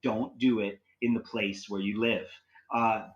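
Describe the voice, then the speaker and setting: This Canadian podcast guest has a lowish voice and talks a little slowly, with the high frequencies cut off. He spins casual stories in an excitable, rambling way, leaning heavily on fillers.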